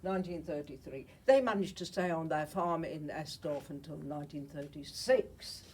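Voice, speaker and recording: A woman's voice: deep voice, normal speed, darkish tone, far from the mic, slight background noise, low-quality recording. A woman in her eighties from Germany, a Holocaust survivor giving a slide talk to an audience, chatty and often checking in with her listeners, while nursing a cold. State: has a cold.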